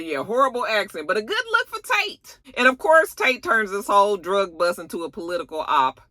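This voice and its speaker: A woman recapping a TV episode in a casual, profane way, her pitch swinging widely as she tells it. Her tone is bright and forward, and the recording is dry and close to the mic. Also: a little fast, hardly any pauses, no echo. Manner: animated, profane, acts out the characters' lines. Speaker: TV episode reviewer.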